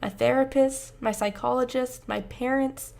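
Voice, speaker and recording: A woman's voice: high voice, fairly even intonation, a little slow, vocal fry, darkish tone, pitched above the performer's own voice. A woman voicing an anxious teenage boy who is unsure what is real and speaks in a shaky, pleading way. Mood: troubled. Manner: shaky and pleading, breaks into screams.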